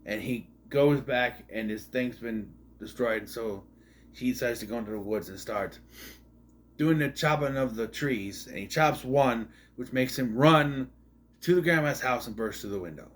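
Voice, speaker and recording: A man's voice: mid-range voice, moderate pace, a little hiss or hum. A man giving a casual, rambling movie review with sarcastic asides and frequent restarts.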